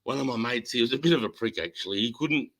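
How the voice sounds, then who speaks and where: An Australian man in his forties, telling a war story in a casual chat, animated and swearing a lot. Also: mid-range voice, fast talker, low-quality recording. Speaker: host.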